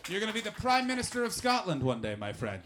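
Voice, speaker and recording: A man doing stand-up comedy and chatting with the crowd. His delivery is animated and full of swearing, and he swings between shouting and muttering. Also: high voice, fast, noisy background. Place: live comedy venue with audience.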